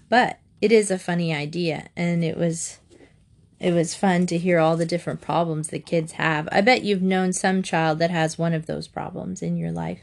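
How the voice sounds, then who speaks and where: Woman reading a children's storybook aloud. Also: on the low side. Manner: gentle, expressive storytelling, lifts her voice for characters' lines. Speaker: storybook reader.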